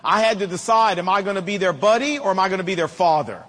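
A middle-aged man delivers a sermon in a notably high voice. He hammers home his points with repetition and homespun jokes. A long reverb trails his words, as in a large hall. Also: expressive, quick pace, fairly bright tone. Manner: emphatic, repetitive rhetorical preaching with folksy humor. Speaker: pastor.

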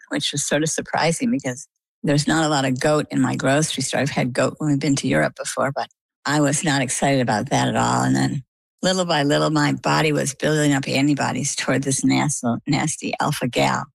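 Interview guest, middle-aged woman, animated storyteller, deep and a little fried, close dry sound. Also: a little fast, vocal fry, slightly rough, no room sound, rough recording. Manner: animated, lively retelling. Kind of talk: conversational storytelling.

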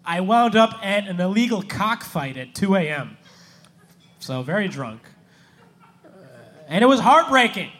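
A man doing stand-up with deadpan, dry one-liners and pauses. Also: high voice. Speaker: stand-up comedian. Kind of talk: stand-up comedy.

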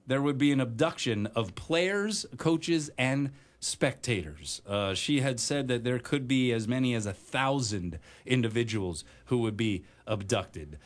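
A man's voice: medium pitch, animated, unhurried, hardly any pauses. A man co-hosting a radio talk show who rambles through stories with lots of "uh" and "like." His delivery is loose and conversational, and he often laughs between thoughts. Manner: chatty, rambling with many fillers, laughs easily. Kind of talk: casual on-air banter.

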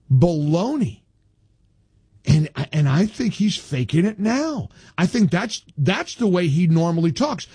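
Emphatic talk radio host, husky and lively. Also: male voice, on the high side, no echo. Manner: emphatic, repeats himself when worked up.

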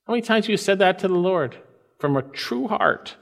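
A man preaching a sermon, reading scripture and explaining it earnestly, rising to loud emphatic peaks and dropping to hushed, slowed phrases. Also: high-pitched, lively intonation. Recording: long hall reverb.

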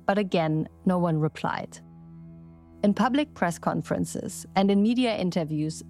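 A woman reporter reads scripted narration in a steady, measured way. Her voice sits a little low. Faint music plays beneath her words. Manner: measured, even delivery.

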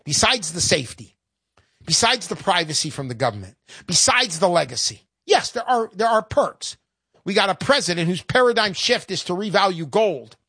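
Woman doing a chatty sales pitch, kinda sarcastic, super animated, dry close sound. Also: no echo. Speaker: sales spokesperson.

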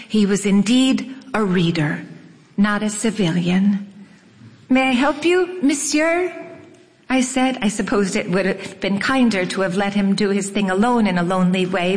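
A woman narrating a first-person memoir in a wry, unhurried storytelling manner. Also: medium pitch. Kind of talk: audiobook memoir reading. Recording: long reverb.

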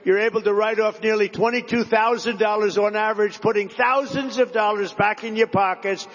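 A man's voice: high-pitched, steady tone, brisk, a bit bright, long reverb tail, muffled recording. A man giving a rambling, repetitive rally speech, drifting between stories. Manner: rambling, digressive, repetitive storytelling to a crowd. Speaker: political speaker at a rally.

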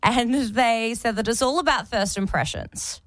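A woman's voice: fairly high pitch, unhurried, no echo. A young woman co-hosting a radio show, telling a story in casual chat and acting out the quotes. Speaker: radio co-host and real estate agent.

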